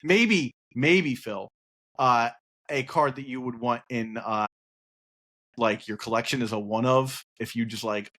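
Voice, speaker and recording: A man's voice: mid-range voice, measured pace, fairly bright tone. A man co-hosting a casual card game podcast, rambling with lots of fillers and reading card text aloud. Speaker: podcast co-host.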